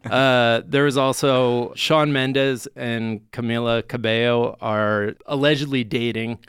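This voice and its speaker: A man's voice: mid-range voice, fairly even intonation, slow, fairly bright tone, clear, resonant tone, no echo, clean studio sound. A man co-hosting a casual comedy podcast, talking in a rambling way full of fillers. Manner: rambling, filler-heavy delivery. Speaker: co-host.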